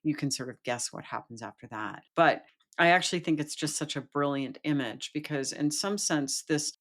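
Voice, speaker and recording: A woman's voice: deep voice, normal speed. Thoughtful woman retelling a fairy tale. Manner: thoughtful, lots of restarts. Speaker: guest, Jungian analyst and author. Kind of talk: podcast interview, storytelling.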